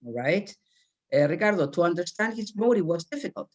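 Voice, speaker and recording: Lively-voiced woman teaching English grammar. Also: fairly low pitch, a little fast. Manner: reads example sentences aloud and calls on students by name. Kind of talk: online English grammar class.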